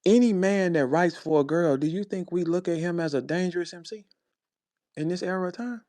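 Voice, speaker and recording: A man's voice: fairly quick, darkish tone, no room sound. Heated, blunt man from St. Louis. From St. Louis, USA. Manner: blunt, profane, swings between low grumbling and high-pitched outbursts. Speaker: rapper speaking in an audio chat room. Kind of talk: heated casual rant.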